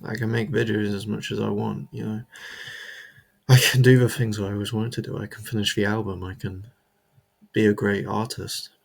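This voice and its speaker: A man's voice: on the low side, little pitch movement, moderate pace, gravelly, husky. A man delivering a comedic character monologue, rambling and stammering, repeating himself as he justifies himself.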